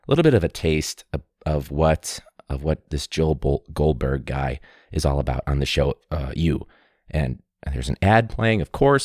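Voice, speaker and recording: A man's voice: deep voice, no echo. A man who teaches, hosting his own podcast in a candid, rambling, wry way on a studio mic. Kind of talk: casual solo podcast talk. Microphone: studio mic with pop filter.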